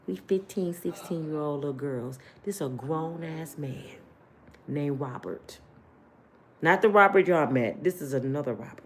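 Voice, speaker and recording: A middle-aged woman who tells a personal story casually, in a blunt, animated and slangy way, speaking straight to her viewers. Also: low-pitched, moderate pace. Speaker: host telling a personal story.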